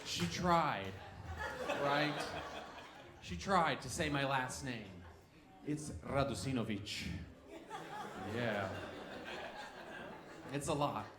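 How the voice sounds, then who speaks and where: A man's voice: mid-range voice, drawn-out words, pauses often, heavy background noise. A young male stand-up comedian from a Serbian family, doing a brash, profane set on a club stage. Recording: echoey club with crowd laughter.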